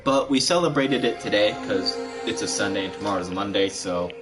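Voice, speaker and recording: Over background game music, a young man streams a let's play, his voice on the low side, animated, and fairly quick. His casual commentary is packed with laughter and meandering jokes at his own expense.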